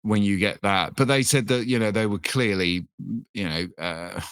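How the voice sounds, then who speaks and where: A man's voice: fairly low pitch, moderate pace, a bit bright, clear, resonant tone, no echo, studio quality. A middle-aged man co-hosting a podcast, chatting in a rambling, sweary, self-deprecating way. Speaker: podcast co-host, author. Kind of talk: casual chat.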